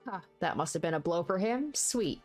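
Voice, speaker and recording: A woman's voice: fairly low pitch, expressive, normal speed, darkish tone, faint music behind. Chatty woman reacting to a game. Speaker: let's-play streamer. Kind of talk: casual game commentary.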